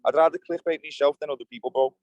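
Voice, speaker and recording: A man's voice: on the high side, steady tone, racing, darkish tone, no room sound, highs cut off. A young man ranting bluntly in an interview, swearing freely while speaking outdoors by the water as he fishes. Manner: blunt, swearing straight talker. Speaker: interview guest. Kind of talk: heated interview rant.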